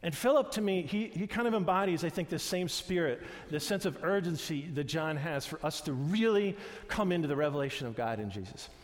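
Conversational preacher with hall reverb. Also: male voice, fairly high pitch, brisk, few pauses. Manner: conversational, animated retellings with many fillers and restarts. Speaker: pastor. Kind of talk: sermon.

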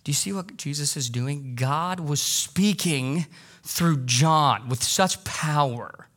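Man, pastor, lively sermon, acts out quotes, emphatic repeats, fairly high voice. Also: takes it slowly.

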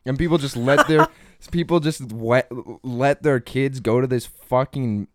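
A man's voice: medium pitch, a little slow, fairly bright tone, no echo, clean studio sound. A man co-hosting a crude comedy podcast, rambling and profane, often breaking into laughter. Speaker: podcast co-host.

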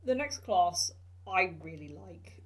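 Lower-voiced woman in casual chat. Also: expressive, takes it slowly. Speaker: podcast co-host. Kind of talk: casual chat about tabletop game content.

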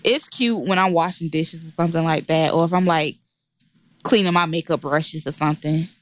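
A woman's voice: low voice, normal speed, no echo. A woman co-hosting a casual podcast, teasing and cursing freely and laughing often. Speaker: podcast co-host.

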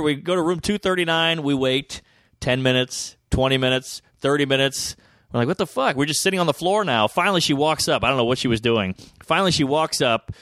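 A man spinning a crude tale, acting out every voice in it. His tone is bright and forceful, a little high for a man. The sound is dry and close. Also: a little fast, no echo. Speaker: comedian guest. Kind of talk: casual storytelling.

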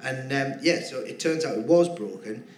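A man's voice: mid-range voice, animated, normal speed, crowd noise. A male comedian guest telling rambling, giggly anecdotes in a live podcast interview. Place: theatre stage with live audience. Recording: roomy theatre, audience laughter.

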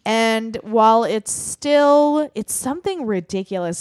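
A woman's voice: medium pitch, animated, normal speed, darkish tone, no echo, studio quality. A woman hosting a podcast, reading out news items and explaining them wryly to her co-hosts in casual chat. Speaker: podcast host.

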